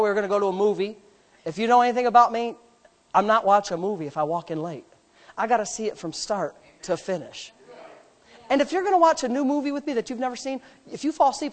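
Preaching pastor in a reverberant hall. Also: male voice, high-pitched. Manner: builds to loud preaching peaks, then drops to quiet storytelling; self-mocking, conversational asides. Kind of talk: sermon. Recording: long reverb of a large hall.

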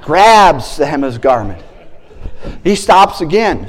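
A man preaching a sermon as a guest speaker, animated, breaking into shouted praises and acting out the voices in his stories. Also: medium pitch, moderate pace.

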